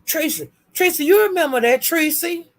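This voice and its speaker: A woman's voice: very high-pitched, animated, moderate pace. A woman hosting a live stream, taunting someone with profane, repetitive insults and calling out to her chat viewers by name. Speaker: livestream host.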